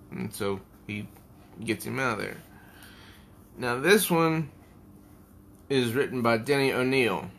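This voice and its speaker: A man's voice: medium pitch, lively intonation, takes it slowly, creaky, pauses often, fairly bright tone, a little hiss or hum. A man giving a casual comic book review at home, rambling and thinking aloud as he pages through an issue.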